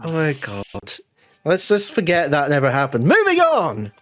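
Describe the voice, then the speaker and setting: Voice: mid-range voice, huge pitch swings, moderate pace. A game master and show host giving rambling, self-mocking announcements before a tabletop stream, swearing playfully. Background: faint background music.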